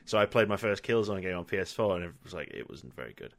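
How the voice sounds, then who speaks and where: A man's voice: deep voice, expressive, quick pace, fairly bright tone. A man co-hosting a podcast in casual chat, hesitant with many ums. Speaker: podcast co-host.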